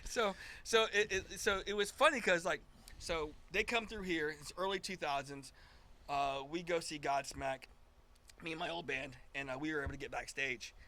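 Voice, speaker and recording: A man's voice: fairly high pitch, moderate pace, bright, forceful tone. A man in his fifties, a guest musician, telling stories in a casual chat, acting out quoted dialogue with frequent restarts.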